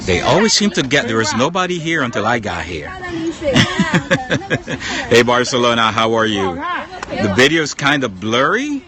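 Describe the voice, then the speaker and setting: An American man casually chatting on a phone live stream from outdoor ruins, greeting viewers and laughing often. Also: on the low side. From United States. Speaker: journalist livestreaming. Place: outdoors at palace ruins with people around. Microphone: phone on a tripod.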